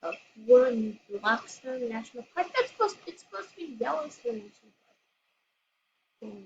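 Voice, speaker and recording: A woman hosting her own channel, excitedly commenting on a game she plays, squealing and laughing. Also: fairly high pitch, moderate pace. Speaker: gaming channel host. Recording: lo-fi with noisy background.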